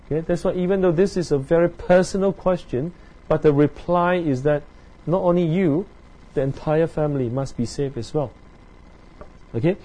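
A man leads a Bible study, reading scripture aloud and then unpacking it, stopping often with fillers and asking "yeah?" and "right?" to check in with his listeners. His voice sits a little high, yet it sounds dark and slightly husky. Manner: halting, many fillers and tag questions. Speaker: Bible teacher.

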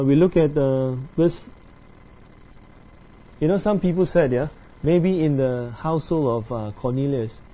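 Halting man teaching scripture. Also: medium pitch, dark tone, husky, rough recording. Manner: halting, many fillers and repeated tag questions. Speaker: preacher. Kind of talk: Bible teaching.

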